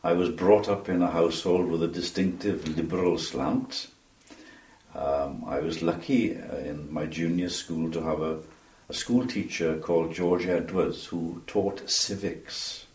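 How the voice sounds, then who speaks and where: Low older Welsh man, reminiscing. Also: fairly even intonation, darkish tone. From Wales. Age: 70s. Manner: measured, with frequent ums and restarts. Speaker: interview guest. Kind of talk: reminiscing interview answers. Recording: roomy sound from a distance.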